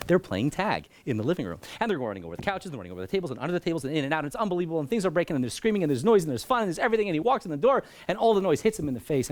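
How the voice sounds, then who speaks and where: A man, a rabbi teaching an adult class, telling a lively teaching story and acting out its people, jumping between loud bursts and hushed asides. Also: mid-range voice, no room sound. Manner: animated, acts out voices and jumps between loud and hushed.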